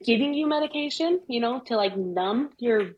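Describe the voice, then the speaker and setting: Animated, husky-voiced woman telling a story. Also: on the high side, moderate pace, muffled recording. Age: middle-aged. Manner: animated, swears freely, lots of "like". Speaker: guest. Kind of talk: casual storytelling chat.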